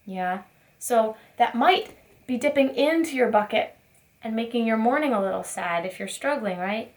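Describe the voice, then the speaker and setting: A woman teaching a preschool circle time, asking gentle questions in a sing-song teacher voice. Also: fairly high pitch, expressive, moderate pace. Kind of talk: circle time lesson for young children.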